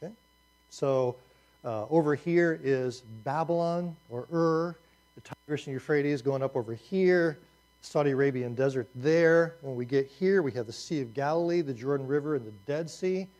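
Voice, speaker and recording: A man gives a lively, jokey lecture in a slightly high voice, throwing in asides as he walks his listeners through a map. He tells it like a story. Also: normal speed. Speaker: teacher. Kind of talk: Bible survey lecture.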